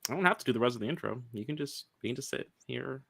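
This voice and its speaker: A man's voice: medium pitch, expressive, rapid-fire, creaky, a bit bright, breathy edge. A man hosting a casual podcast, weary and rambling, poking fun at his own show. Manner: weary, rambling, self-mocking. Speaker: podcast host.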